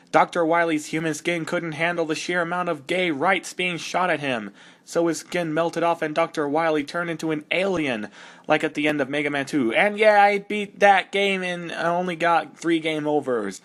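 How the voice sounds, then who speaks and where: Man doing a cocky young hedgehog hero, sarcastic, fed up, raised pitch, comedic fan-dub reading. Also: a bit bright, lightly acted. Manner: sarcastic, exasperated mockery of the text. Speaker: fan fiction reader.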